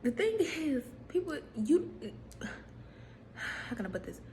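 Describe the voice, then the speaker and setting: Animated woman preaching casually to camera. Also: high voice, takes it slowly, a little hiss or hum. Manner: animated, repeats herself, asks viewers questions. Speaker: faith vlogger.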